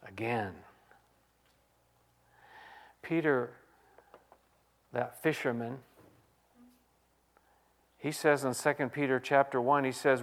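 A pastor with a medium-pitched voice preaches dynamically, reading scripture aloud and addressing his listeners directly. His voice swells into loud, urgent questions and exclamations, then drops back to a hushed, intimate quiet.

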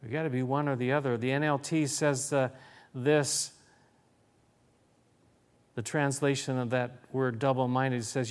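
A man's voice: mid-range voice, unhurried. A man preaching a sermon as pastor, earnest, reading scripture aloud and often restarting his phrases.

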